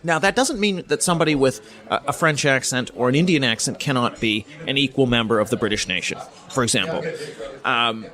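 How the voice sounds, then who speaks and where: A middle-aged man from Canada, a politics professor, explaining his ideas in a measured, lecture-like way as a podcast guest, often pausing with ums and restarting his sentences. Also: mid-range voice, pushed and bright. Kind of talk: podcast interview, academic explanation.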